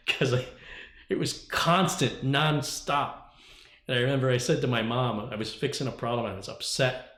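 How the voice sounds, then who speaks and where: A man's voice: medium pitch, normal speed. Man ranting in an echoey room. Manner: ranting, animated storytelling with mock quoted voices. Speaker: tech YouTuber host. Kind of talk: casual livestream chat.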